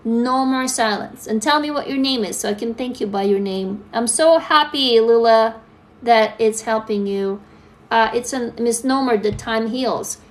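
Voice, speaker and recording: A woman's voice: a little high, a bit bright. A woman in her forties from Russia hosting a casual livestream, candid and emphatic, swearing freely as she answers viewer comments on a phone. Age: 40s. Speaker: livestream host.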